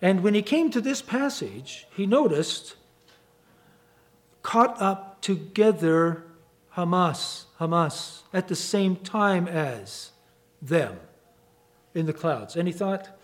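High-voiced man preaching a sermon. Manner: animated storytelling, acts out quoted voices with wide pitch swings.

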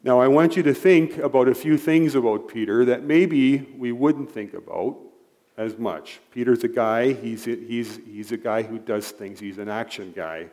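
Lots of "right?" and "you know" asides, guy preaching casually, middle pitch. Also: normal speed, a little mellow. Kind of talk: sermon.

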